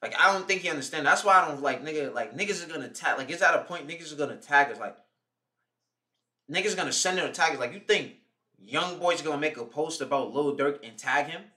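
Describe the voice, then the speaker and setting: A man's voice: a little high, animated, quick pace, bright, forceful tone. A young man live streaming, roasting someone in a heated, mocking, profane rant. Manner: mocking, heated, swears constantly.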